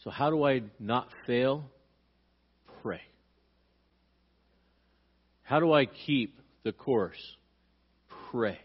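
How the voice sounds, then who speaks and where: A man preaches a sermon in a mid-pitched voice, leaning hard on rhetorical questions and answering them himself. He acts out the dialogue he quotes with emphasis. The recording sounds a little dull and lo-fi. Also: very slow, pauses often. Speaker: pastor.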